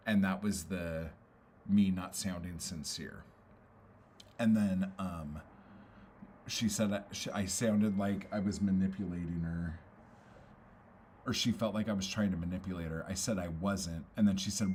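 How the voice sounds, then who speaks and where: Deep-voiced man venting, frustrated and rambling. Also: moderate pace, a little mellow, a little hiss or hum. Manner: rambling, frustrated, swears often, lots of fillers. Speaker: poet and streamer. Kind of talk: casual livestream venting.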